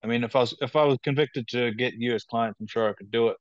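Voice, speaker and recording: A man with a New Zealand accent, a guest on a podcast, speaking over a video call in a calm, measured, matter-of-fact way. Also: medium pitch, no echo. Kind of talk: casual interview chat. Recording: dull dry video call audio.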